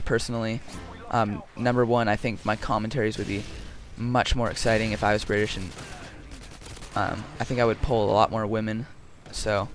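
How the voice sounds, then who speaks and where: Guy rambling through a game commentary, jokey, lots of ums, faint hiss behind. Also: mid-range voice. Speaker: gaming commentator. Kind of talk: casual gameplay commentary.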